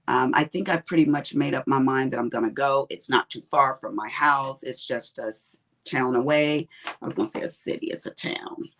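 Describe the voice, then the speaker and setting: A woman's voice: extremely low pitch, moderate pace, fairly bright tone. A middle-aged woman with a Texas accent, chatting casually with viewers on her crafting livestream and calling them honey and baby. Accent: Texan. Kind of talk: casual chat with viewers while diamond painting.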